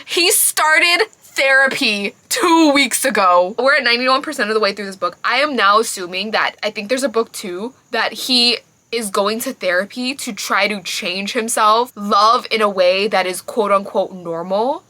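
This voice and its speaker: A woman giving a casual book review, animated and incredulous, full of exclamations. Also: mid-range voice, normal speed, dry recording.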